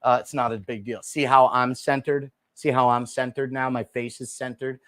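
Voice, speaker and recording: A man hosting a live shopping stream, chatting casually and softly to viewers while demoing gear on a lapel mic. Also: medium pitch, moderate pace, dry recording. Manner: chatty, rambling, talks straight to viewers; speaking softly and relaxed instead of his usual loud delivery. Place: indoor room, moving around on camera. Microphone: wireless lapel mic.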